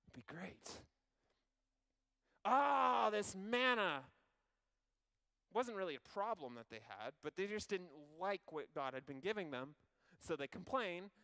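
Bright, clear-voiced man preaching. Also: on the high side, normal speed. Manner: animated, conversational storytelling with wry asides. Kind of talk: sermon.

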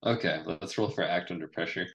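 A man's voice: low voice, fairly quick, fairly bright tone, breathy edge, lo-fi sound. A man playing a tabletop role-playing game who laughs often and stays easygoing. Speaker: player. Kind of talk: casual tabletop game play.

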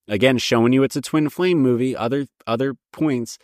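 A show host with a brisk, slightly mellow mid-range voice delivers a casual monologue in studio-quality sound with no echo. He rambles, repeats his points, and restarts frequently.

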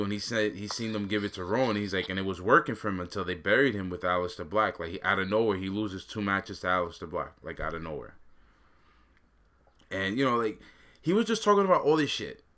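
Bright-voiced man chatting loosely. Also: lowish voice. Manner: loose, slangy, rambling with many fillers. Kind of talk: casual chat.

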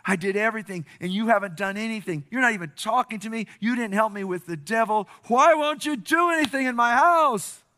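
A man's voice: sits high, fairly quick, few pauses, voice pushed up. A man doing a whiny, exasperated homeowner. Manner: loud, whiny, insistent complaining.

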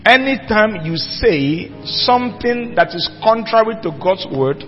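A man's voice: high-pitched, expressive, a little slow, soft background music. A man preaching a sermon, emphatic and asking the congregation rhetorical questions. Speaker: pastor. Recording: dull lo-fi church hall recording with long reverb.

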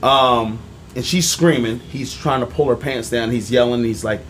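A man's voice: mid-range voice, moderate pace, a bit bright, a little hiss or hum. A young man, telling a long story on a casual podcast, with many ums and acted-out voices for the people in it. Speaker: podcast co-host.

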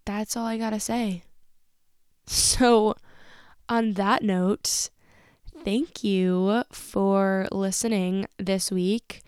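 A woman's voice: mid-range voice, fairly even intonation, very slow, pauses often, darkish tone, clean tone, dry recording, clean studio sound. A young woman hosting a podcast, giving candid, motivational advice in casual slangy talk. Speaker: podcast host.

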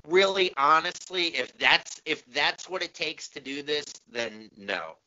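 A man's voice: on the high side, very animated, unhurried, bright, forceful tone, dull audio. A man on a podcast, venting in a casual, profane, exasperated way. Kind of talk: casual chat.

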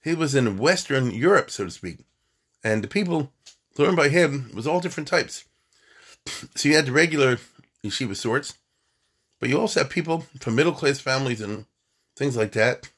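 A man's voice: mid-range voice, expressive, normal speed, long pauses, fairly bright tone, breathy edge. A man giving an informal history lecture, conversational and full of rhetorical questions and Yiddish terms. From United States.

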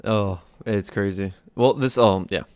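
A man co-hosting a podcast in casual chat, agreeable and quick to affirm his partner. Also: on the low side, a little mellow, smooth, dry recording, clean studio sound. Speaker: podcast co-host.

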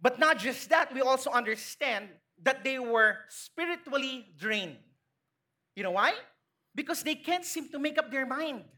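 A Filipino woman delivers a sermon in a high, bright voice. She keeps asking her listeners questions and playfully acts out quoted lines as she teaches. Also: unhurried. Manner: lively, questioning the congregation, acting out quotes. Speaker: preacher.

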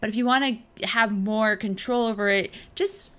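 A woman's voice: medium pitch, normal speed. A woman co-hosting a podcast, talking animatedly and sarcastically about tech and acting out what others say. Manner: animated, sarcastic, acts out quotes. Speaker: podcast co-host. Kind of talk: casual tech chat.

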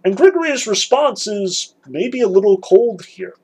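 A man's voice: high voice, animated, unhurried, a little mellow, breathy edge, poor audio. A man teaching a literature lesson, explaining the scene step by step and weighing each side in turn. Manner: explanatory, weighs both sides repeatedly. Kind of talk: recorded lecture.

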